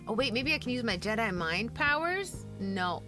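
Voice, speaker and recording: A woman's voice: on the high side, very animated, normal speed. A woman streamer who chats, reads a story aloud and greets viewers in a bubbly, giggly, gushing way. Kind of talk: casual stream chat and book reading. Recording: guitar music behind.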